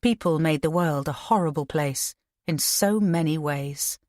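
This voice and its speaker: A woman narrating a crime audiobook in an even, measured reading. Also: low voice, no room sound, studio quality. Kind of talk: scripted narration.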